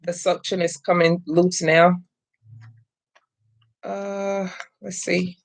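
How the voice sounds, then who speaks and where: Slow-talking woman crafting live. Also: lowish voice, little pitch movement. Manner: chatty, addresses viewers as y'all, greets chat by name. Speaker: craft channel host. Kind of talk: casual live-stream chat while crafting.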